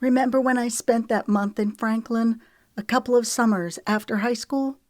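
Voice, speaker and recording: Woman voicing a high-strung tearful diva. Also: steady tone, normal speed, darkish tone, no room sound, studio quality, close to an everyday voice. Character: proud emotional young woman, a diva. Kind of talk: audiobook character reading.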